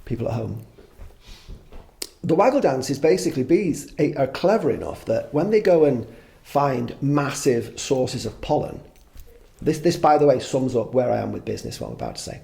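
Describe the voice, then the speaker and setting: A man's voice: medium pitch, big pitch swings, normal speed, vocal fry, warm tone. A man in his fifties, a podcast guest, chatting casually in a rambling way, swearing freely and making fun of himself. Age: 50s. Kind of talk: casual conversation.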